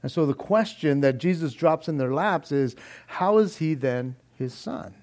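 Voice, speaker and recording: Middle-aged pastor, deliberate unhurried delivery, earnest teaching tone, slightly high voice. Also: male voice, animated, a little mellow. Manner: earnest, emphatic teaching with scripture reading. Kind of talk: expository sermon.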